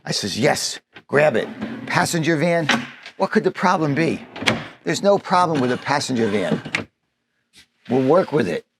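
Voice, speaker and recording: A man's voice: a little high, big pitch swings, a little slow, pauses often, heavy background noise. A man giving a plainspoken, folksy walkthrough of a van build, demonstrating parts as he talks. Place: inside a van.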